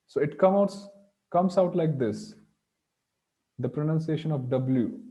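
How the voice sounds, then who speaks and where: A man's voice: a little high, dark tone, poor audio. A man teaching Sanskrit pronunciation, patiently sounding out each letter aloud. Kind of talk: online class explanation.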